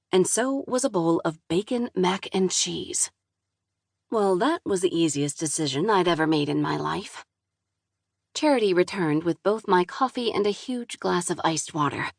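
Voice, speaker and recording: A woman's voice: on the low side, gravelly, no room sound, clean studio sound. A woman narrating a first-person novel in a wry, exasperated voice, with casual swearing. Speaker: audiobook narrator.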